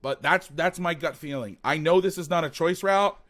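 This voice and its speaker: A man's voice: fairly high pitch, normal speed, a bit bright. A man hosting a football film breakdown, talking casually and animatedly, swearing, rambling with restarts.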